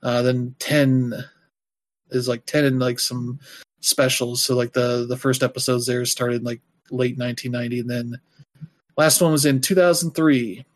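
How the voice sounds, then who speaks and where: A man in casual podcast chat, talking at a middling pitch. He rambles loosely, filling gaps with "like" and "uh", and tosses in wry, offhand asides. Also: level tone, normal speed. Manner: rambling, loose, heavy with fillers.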